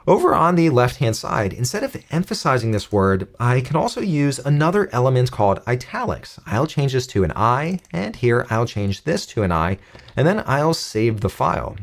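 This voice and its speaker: A male instructor explains a coding lesson in calm, careful steps. His pitch sits in the middle, and his intonation moves a lot within each phrase. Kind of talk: screen-recorded coding tutorial.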